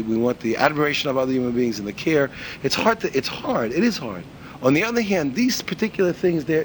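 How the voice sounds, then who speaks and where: Animated man giving a religious lesson. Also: on the high side, slight background noise. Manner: animated storyteller, rhetorical questions, repeats himself. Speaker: religious teacher.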